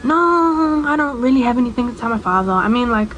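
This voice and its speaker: A woman's voice: fairly high pitch, animated, fairly quick, a bit bright, slight background noise, poor audio. A young adult woman chatting casually to the camera, telling a personal story in a rambling way, with asides to the viewer. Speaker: storytime vlogger.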